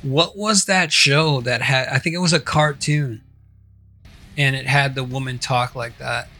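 A man's voice: medium pitch, a little slow, sharp tone, faint music behind. A man co-hosting a podcast in easygoing casual chat, often laughing along. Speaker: podcast co-host.

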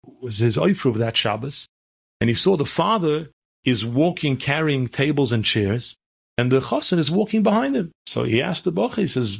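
This man's medium-pitched voice is animated and husky with vocal fry, moving at normal speed. As a rabbi delivering a storytelling sermon, he turns his tales into passionate, emphatic urging, peppered with Hebrew and Yiddish words.

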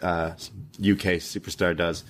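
A man's voice: sits low, level tone, measured pace, slight background noise. A man co-hosting a podcast, recapping an episode in casual chat with wry asides. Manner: wry, recaps scenes and reads quotes aloud. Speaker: co-host.

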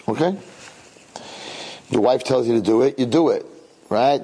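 A man gives a sermon as a story told in a loose, conversational style. His voice is husky and sits at a middle pitch. He repeats phrases and checks in with his listeners. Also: a little slow, long pauses, dark tone, rough recording. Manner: conversational, repeats himself, asks listeners questions.

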